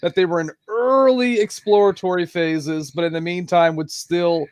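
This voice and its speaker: A man's voice: high voice, steady tone, normal speed, darkish tone, clean tone. A man co-hosting a casual sports talk show, giving blunt, emphatic analysis. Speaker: podcast co-host.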